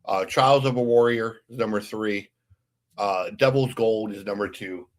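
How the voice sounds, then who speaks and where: A man co-hosting a podcast in casual chat, easygoing and filling his pauses with "uh". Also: fairly low pitch. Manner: easygoing, with many filler "uh"s.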